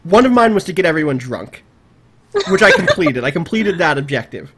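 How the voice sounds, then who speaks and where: A man's voice: fairly high pitch, slight background noise. A man hosting a casual group chat about a game just played, bantering and laughing. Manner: animated, quick laughing banter. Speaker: host.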